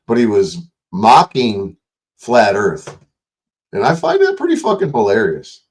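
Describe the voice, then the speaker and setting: A man's voice: on the low side, wildly swooping pitch, a little slow. A man hosting a late-night livestream, ranting in a combative, mocking and profane way at another online creator. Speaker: livestream host.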